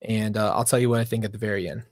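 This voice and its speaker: A man's voice: fairly low pitch, level tone, very fast, no echo, clean studio sound. Earnest man hosting a live reaction stream. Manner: earnest, reflective, rambling tangents; talks straight to viewers and chat. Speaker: reaction channel host.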